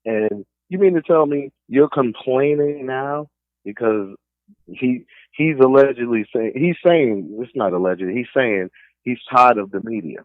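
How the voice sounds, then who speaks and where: A man's voice: mid-range voice, a little slow, dry recording. A man from New York with a New York accent, hosting a casual sports talk radio show in a streetwise, opinionated way. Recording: dry, phone-like narrow band.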